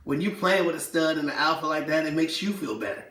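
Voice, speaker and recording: A man hosting casual sports talk, animated and slangy, who laughs a lot and acts out quotes. His voice sits a bit high for a man. He sounds set back from the mic in a roomy, echoey space. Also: fast, distant mic.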